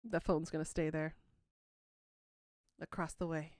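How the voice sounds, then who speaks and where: Woman, thirties, livestream host, teasing, chatty, unhurried, dry sound. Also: deep voice, flat delivery, darkish tone, no room sound. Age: 30s. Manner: teasing, chatty, answering chat aloud. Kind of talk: casual chat with live viewers.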